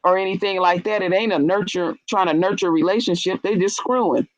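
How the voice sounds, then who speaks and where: A woman's voice: on the low side, brisk, no echo, low-quality recording. A woman in casual chat, telling stories bluntly and animatedly with frank, salty language.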